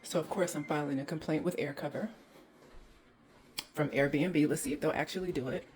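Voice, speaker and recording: A woman's voice: low voice, normal speed, darkish tone, a little hiss or hum. A woman hosting a walkthrough vlog, exasperated and ranting as she films indoors in a condo on a handheld phone. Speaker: host.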